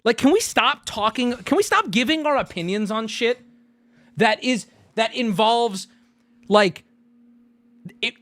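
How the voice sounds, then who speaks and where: A male streamer in his thirties rants at a live audience, swearing freely and often jumping into disbelieving shouts. His pitch swings widely from low mutters to high yells. The sound is dry and close. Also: expressive, a little slow, pauses often, dry recording. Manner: profane, incredulous, swings to sudden yelling. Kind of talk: ranting live stream commentary.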